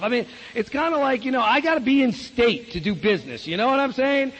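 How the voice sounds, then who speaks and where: A man with a high voice coaches a live audience on prospecting. He is blunt and folksy and keeps asking the room questions. The sound carries the long reverb of a big hall. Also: animated, brisk, a bit bright, breathy edge, muffled recording. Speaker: business opportunity trainer. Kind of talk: live sales training talk.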